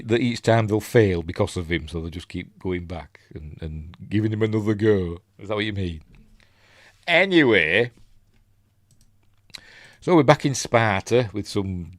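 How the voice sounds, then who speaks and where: Yorkshire man, very deep voice, rambling easygoing host, casual film chat. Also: no room sound, studio quality. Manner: rambling, many ums and restarts.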